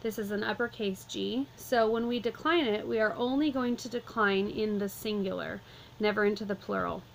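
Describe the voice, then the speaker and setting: A woman walking through a vocabulary lesson, explaining calmly and methodically, step by step. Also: medium pitch, moderate pace, vocal fry, slight background noise, poor audio. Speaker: Latin teacher.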